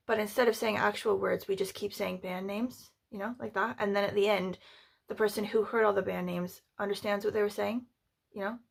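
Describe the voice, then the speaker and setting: A woman's voice: mid-range voice, creaky. Chatty, sarcastic woman book vlogger. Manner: chatty, swears freely, lots of "like" and "you know"; amused and sarcastic. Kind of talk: casual book review chat.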